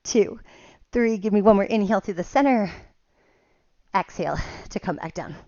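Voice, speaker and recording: Teaching Pilates at home, a woman counts through each move and laughs at herself while slightly out of breath. She has a mellow, medium-pitched voice at normal speed, and the audio is dull with no room sound.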